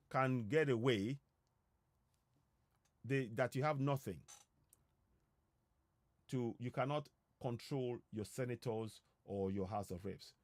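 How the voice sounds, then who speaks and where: A man with a Nigerian accent giving an earnest civic talk on a live stream, emphatic and pausing often with fillers. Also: mid-range voice, no echo. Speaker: civic educator. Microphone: streaming setup.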